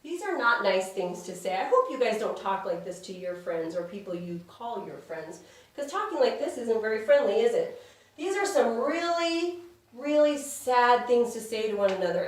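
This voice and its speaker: A woman leading a children's church lesson, speaking gently and simply and asking the kids questions. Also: fairly high pitch, very echoey, distant mic. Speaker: children's Sabbath school teacher.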